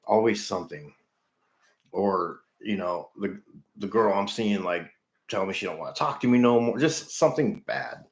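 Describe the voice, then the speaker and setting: A middle-aged man with a very low voice talks to his livestream viewers in an earnest, halting way, often trailing off and repeating himself. The room around him is echoey. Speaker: livestream host in recovery. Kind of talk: casual livestream chat with viewers.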